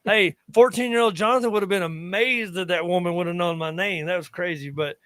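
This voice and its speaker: A man's voice: sits high, brisk, fairly bright tone, no room sound. A man in his thirties with an Appalachian accent, co-hosting a podcast and telling rambling stories in casual chat, often breaking off mid-sentence. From Appalachia, western North Carolina. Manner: rambling, self-interrupting storyteller. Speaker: podcast co-host.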